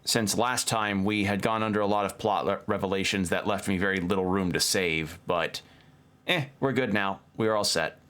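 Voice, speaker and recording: A man's voice: deep voice, moderate pace, a bit bright. A man streaming a video game, chatting casually and rambling through a story recap with a toothpick in his mouth. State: talking around a toothpick. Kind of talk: casual gameplay commentary.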